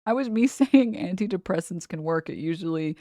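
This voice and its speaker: A woman livestreamer chatting casually with her viewers and reading chat, rambling and animated, laughing often and swearing freely. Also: lowish voice, fairly quick, no echo, studio quality.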